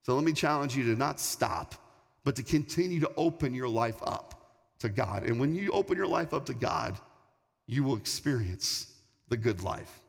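A man's voice: medium pitch, animated, normal speed, gravelly, breathy edge. A male pastor preaching a sermon in a large church hall, talking in a conversational, repetitive, storytelling way. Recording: long hall reverb, faint music.

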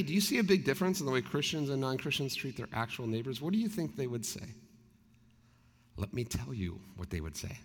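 A pastor in mid-sermon, his voice ringing out in a long hall reverb. He is a man of middling pitch who preaches in an earnest, conversational way. He keeps turning to the congregation with rhetorical questions. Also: a bit bright. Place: church sanctuary.

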